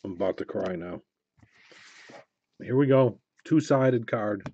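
Opening packs during a live break, this man calls out his hits, drifting from low murmured comments to eager exclamations. He takes his time, and the sound is lo-fi.

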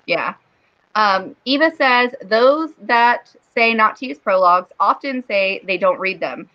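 A woman's voice: mid-range voice, expressive, measured pace, muffled recording. A woman hosting a casual livestream chat, reading viewer comments aloud and laughing often. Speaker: livestream host.

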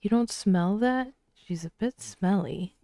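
A woman giving casual commentary while playing a life-sim game, soft-spoken and often half-whispering, close to the mic. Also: mid-range voice, takes it slowly. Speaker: let's play creator.

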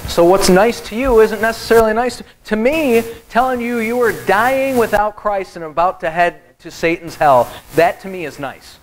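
A male pastor teaching a Bible study sermon in an animated style, joking with the congregation. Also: high voice, moderate pace, hardly any pauses, slight background noise, poor audio.

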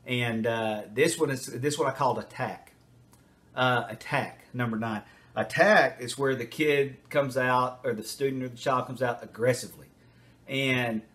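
With a fairly bright, medium-pitched voice, the older man works through numbered advice in a loose, filler-heavy ramble. He's a former teacher and school administrator speaking casually to the camera.

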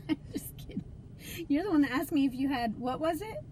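A woman's voice: sits high, lively intonation, normal speed, warm tone, a little hiss or hum. A woman, a mother, chatting casually and teasing her son on a live stream, giggling often. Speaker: mother demonstrating nail polish on a live stream.

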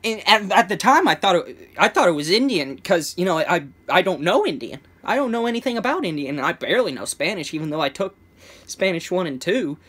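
A man's voice: sits high, very animated, a little fast, a bit bright, breathy edge. A young man telling a casual storytime vlog, rambling with many restarts and stammers, chuckling between phrases. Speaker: vlogger.

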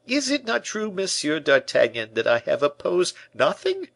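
A man's voice: a little high, wildly swooping pitch, normal speed, creaky, fairly bright tone, no echo, pitched above the performer's own voice, full character voice. A man voicing an anxious, flustered male royal tailor. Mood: pleading.

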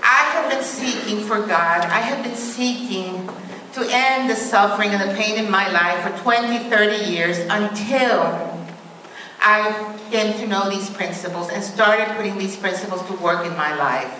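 A woman's voice: medium pitch, a little slow, sharp tone, far from the mic, slight background noise. Woman preaching in an echoey hall. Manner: asks the congregation for responses. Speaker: minister. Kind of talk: sermon.

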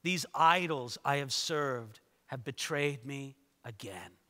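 A man's voice: medium pitch, takes it slowly, pushed and bright, long reverb tail, pitched below the performer's own voice. A preacher voicing a bitter, ashamed noblewoman. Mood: self-pitying. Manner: brooding inner monologue.

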